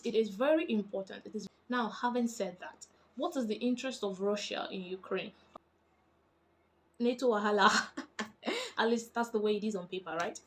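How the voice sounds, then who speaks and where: A woman talks through world politics in a casual vlog. Her voice sits a little high, and she leans into her points with emphatic, chatty energy. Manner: chatty and emphatic, animated when making points. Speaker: vlogger explaining international politics.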